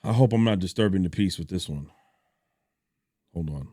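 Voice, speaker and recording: A young man streaming a reaction video, telling stories in animated, slangy casual chat. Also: low voice, normal speed, dry recording, studio quality. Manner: animated storytelling, slangy, laughs a lot.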